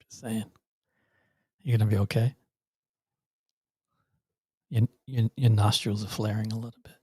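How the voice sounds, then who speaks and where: Husky-voiced man teasing his co-host. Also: fairly low pitch, level tone, unhurried, mellow, no room sound, studio quality. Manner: teasing, loose, repeats himself. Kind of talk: casual live-stream chat. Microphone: podcast mic.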